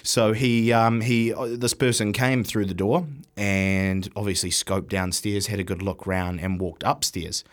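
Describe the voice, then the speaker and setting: A man with a New Zealand accent, from Wellington, telling a lively story on a radio show with frequent laughs. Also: lowish voice, unhurried, hardly any pauses. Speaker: radio station guest. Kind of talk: casual chat, storytelling.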